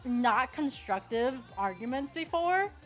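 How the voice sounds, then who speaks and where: A woman's voice: high-pitched, very animated, measured pace, a bit bright, faint music behind. Chatty young woman, lots of "like". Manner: rambling, swears freely, fills talk with "like", laughs often. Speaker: streamer. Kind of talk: casual chat while playing online poker.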